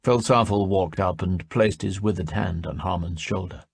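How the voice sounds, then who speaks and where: A man narrating an audiobook in a measured storytelling manner. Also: sits low, gravelly, husky, no echo.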